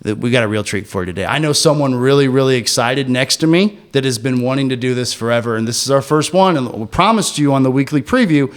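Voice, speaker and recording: A man's voice: mid-range voice, lively intonation, fast, hardly any pauses. A man hosting a casual movie discussion podcast, joking and theatrical as he leads it. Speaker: podcast host.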